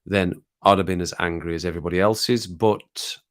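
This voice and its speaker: A man's voice: low-pitched, fairly even intonation, brisk. A middle-aged man with an English Midlands accent, chatting casually and rambling to live viewers from his home streaming room, chuckling as he goes. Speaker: livestream host.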